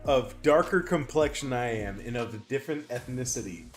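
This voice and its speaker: A man trades jokes during a gaming livestream, his mid-range voice swinging widely up and down as he tells animated stories and argues his point. He laughs often, and quiet game music plays underneath. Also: mid-range voice, normal speed. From Southern US. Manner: animated, laughing, argumentative storytelling. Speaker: gaming streamer. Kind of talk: casual gaming stream banter.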